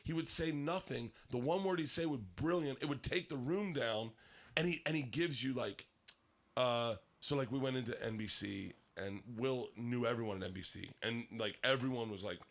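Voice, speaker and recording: A man telling a long story on a podcast, profane and animated, swinging between loud excited bursts and low hushed asides. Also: brisk. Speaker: comedian guest telling a story.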